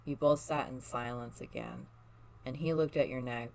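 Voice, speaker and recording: A storyteller reading a second-person fan story aloud, soft-spoken, with small slips and restarts. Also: medium pitch, fairly even intonation, normal speed, vocal fry, low-quality recording. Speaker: fan fiction reader.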